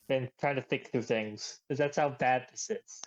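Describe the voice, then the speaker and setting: A man in a casual tabletop role-play session, describing his character in a stammering, halting way. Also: mid-range voice, lo-fi sound. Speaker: player.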